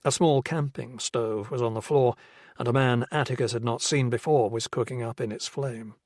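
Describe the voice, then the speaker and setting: Male audiobook narrator, measured delivery, medium pitch, dry close recording. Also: no echo. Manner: measured, even storytelling. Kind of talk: scripted narration.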